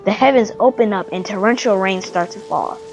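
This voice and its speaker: A woman's voice: mid-range voice, lo-fi sound. Woman narrating a story over music. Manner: measured, dramatic storytelling.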